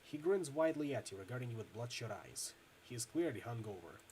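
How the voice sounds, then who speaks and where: A man narrating a video game's text aloud, steady and descriptive with occasional slips. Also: mid-range voice, brisk, a little hiss or hum. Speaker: narrator reading a video game.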